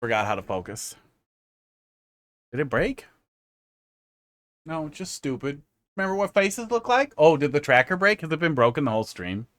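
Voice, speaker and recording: A man with a higher-pitched voice streams a level-building game, his pitch swinging widely at a moderate pace with long pauses. The tone is a bit bright, with no echo. He offers chatty, rambling live-stream commentary, joking as he goes and sometimes humming to himself.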